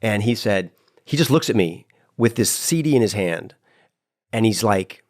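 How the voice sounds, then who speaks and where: A man guest in casual podcast chat, telling a story with lively voiced-out quotes. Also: fairly low pitch, a little fast. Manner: animated storyteller, acts out quoted lines.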